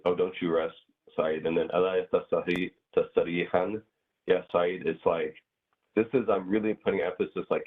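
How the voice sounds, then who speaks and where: Male teacher, deep and husky, rambling casual delivery, phone-quality audio. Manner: hesitant, many fillers and restarts. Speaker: grammar teacher. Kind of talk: casual online class explanation. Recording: tinny phone-like line.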